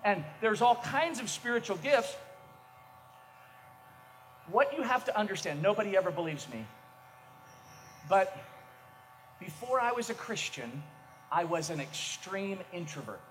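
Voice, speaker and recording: A middle-aged man preaching a sermon as a pastor, telling self-mocking stories with energy and bursts of shouting. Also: high voice, big pitch swings, a little slow, pauses often, faint music behind. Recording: echoey hall, faint noise.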